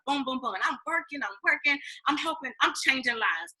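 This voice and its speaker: A woman in her thirties casually telling her story to viewers, lively and chatty, acting out her own past reactions. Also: fairly high pitch, moderate pace, hardly any pauses, rough recording. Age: 30s. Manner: animated storytelling, acts out her past self, addresses viewers as y'all. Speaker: network marketing distributor. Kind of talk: casual testimonial vlog.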